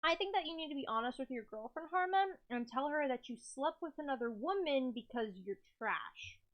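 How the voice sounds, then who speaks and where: A woman streaming a video game, giving sarcastic, excitable commentary with quick laughs. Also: high voice, dull audio.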